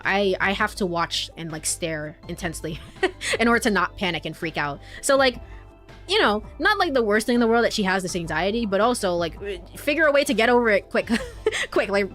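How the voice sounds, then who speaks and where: A woman's voice: mid-range voice, expressive, brisk, a bit bright, soft background music. A young woman game streamer chatting casually while reading a visual novel aloud, rambling with lots of fillers and giggles.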